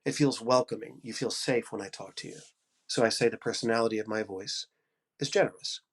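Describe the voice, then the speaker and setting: A man's voice: on the low side, brisk, slightly rough. Upbeat man with a head cold. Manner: generous, upbeat, encouraging. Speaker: audiobook narrator and coach. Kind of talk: conference talk.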